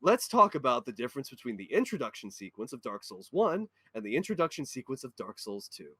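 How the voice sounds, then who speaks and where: A man's voice: medium pitch, big pitch swings, fairly quick, sharp tone, husky, dry recording. A man in a casual podcast chat, passionately ranting about a game. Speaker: podcast co-host or guest.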